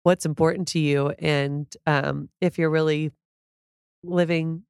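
A woman's voice: low-pitched, steady tone, unhurried, gravelly, smooth, dry recording, clean studio sound. A woman in her thirties, a food creator, talking earnestly as a podcast guest, with fillers and an open, heartfelt manner. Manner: warm, earnest, gets emotional at times. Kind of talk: conversational interview.

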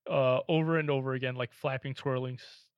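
A man's voice: medium pitch, fairly even intonation, fairly quick, clean tone, no room sound, highs cut off. A young man on a casual podcast who reads statements aloud and then gives his plain verdict on them. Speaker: podcast co-host reading questionnaire items. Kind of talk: casual chat.

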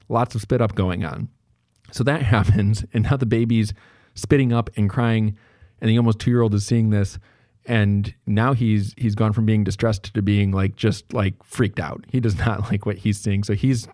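Speaking at a moderate pace in a fairly low, darkish voice, a thirty-something man runs a solo podcast. The clean studio recording has no room sound, and his delivery is candid and meandering, full of self-corrections and restarted sentences.

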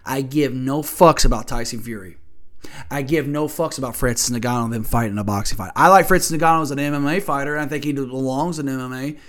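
This podcast host has a mid-range, somewhat bright voice and talks fast. He delivers a blunt, profane sports rant, arguing his case through a string of rhetorical questions.

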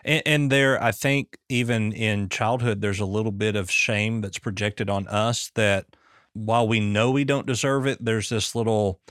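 A man hosting an interview, asking questions in a calm, affirming way. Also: on the low side, moderate pace, smooth, no room sound, studio quality. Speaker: podcast host.

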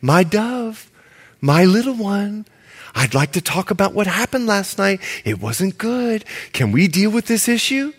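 A gentle young husband coaxing his wife to talk things through, as a preacher acts him out. He speaks softly and tenderly. He sounds earnest and careful. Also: sits high, very animated, a little slow, husky, exaggerated voice.

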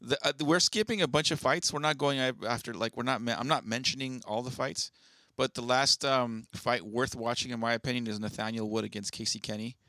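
Male podcast co-host, bright and forceful, dry close recording, laid-back rundown delivery. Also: medium pitch, fairly even intonation, brisk, no echo. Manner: laid-back, runs through a fight card like a rundown. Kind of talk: casual chat.

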